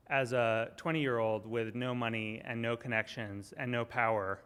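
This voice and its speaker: A man's voice: medium pitch, a bit bright. A man in his thirties giving a lecture, telling a story in a chatty way with many fillers and restarts. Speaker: guest lecturer. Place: lecture hall. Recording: long hall reverb.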